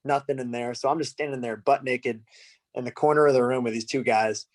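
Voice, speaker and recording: A man's voice: medium pitch, steady tone, a little fast. A man from the United States, a musician guest on a podcast, telling a loose, laughing anecdote full of fillers. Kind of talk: casual storytelling.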